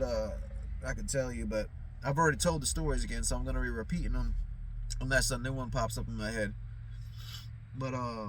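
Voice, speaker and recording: A man with a mid-range, slightly bright voice, with slight background noise, vlogs from a parked car at night. Telling his story casually to camera, he gets worked up, swears heavily and rambles with fillers.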